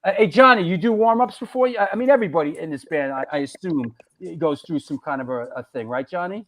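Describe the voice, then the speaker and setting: A man's voice: fairly high pitch, animated, fast, fairly bright tone. A middle-aged man hosting a casual chat, rambling and restarting his sentences. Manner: rambling, repeats words and restarts often. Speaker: host.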